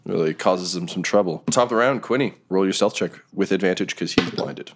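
A man narrating as game master of a tabletop game, describing the action in a halting, chuckling way with many fillers. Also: low voice.

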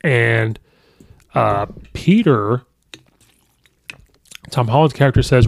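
A man with a gravelly, creaky edge to his mid-pitched voice, chatting loosely as a podcast host. He retells scenes in a casual spoken review, dropping in quoted lines as he goes. The sound is dry and close, with no room around it. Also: big pitch swings, unhurried, pauses often, dry recording.

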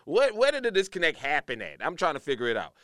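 Man, smooth clear voice, blunt ranting morning radio host, dry studio sound. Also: on the high side, wildly swooping pitch, fast, bright, forceful tone, no room sound. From Louisiana. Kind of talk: casual morning show chat.

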